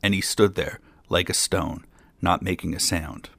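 Male storyteller, fairy tale reading, low and gravelly, measured. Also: fairly even intonation, a bit bright, no echo.

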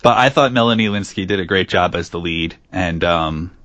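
A man's voice: low-pitched, moderate pace, fairly bright tone, no room sound. A man co-hosting a podcast, chatting casually and joking as he rambles. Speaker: podcast co-host.

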